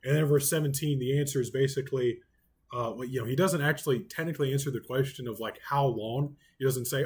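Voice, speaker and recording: Oklahoma guy leading bible study, husky, laid-back, lots of um and you know. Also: mid-range voice, quick pace. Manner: relaxed and conversational, many ums and you-knows. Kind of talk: casual Bible study teaching.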